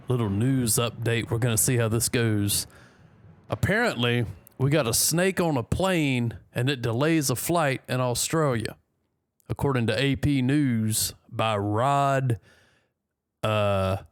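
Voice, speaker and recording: Man from the US, casual news reaction, halting reading, jokey asides, dry close sound. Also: mid-range voice, no room sound. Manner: reads aloud haltingly, joking asides.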